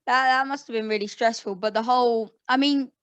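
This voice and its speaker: A woman interviewing a magician in a casual chat, speaking in halting bursts with many restarts and sympathetic reactions. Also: a little high, fairly even intonation.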